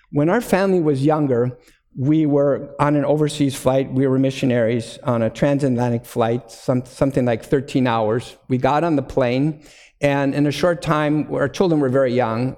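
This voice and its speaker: A middle-aged man preaching a sermon, earnest and deliberate, slowing down to stress key words. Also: a little high, darkish tone, in a large hall. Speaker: pastor.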